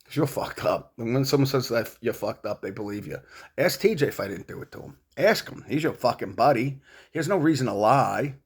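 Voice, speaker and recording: A man's voice: mid-range voice, animated, a little fast, slightly rough. A middle-aged man rambling at home, swearing and confronting an absent rival in a long monologue. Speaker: vlogger.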